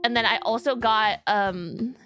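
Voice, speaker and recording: A woman's voice: a little high, measured pace, pushed and bright, soft background music. A young woman streamer chatting casually with her viewers, rambling and giggly with lots of fillers.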